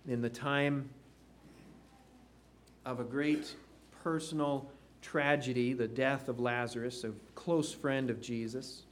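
A man's voice: mid-range voice, fairly even intonation, takes it slowly, pauses often, a little hiss or hum. A man preaching a sermon, reading scripture aloud and explaining it with rising emphasis. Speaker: pastor.

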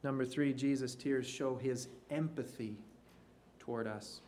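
Male pastor, sermon, earnest, slow and deliberate, drops quiet on key lines, faint background hum. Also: medium pitch, fairly even intonation.

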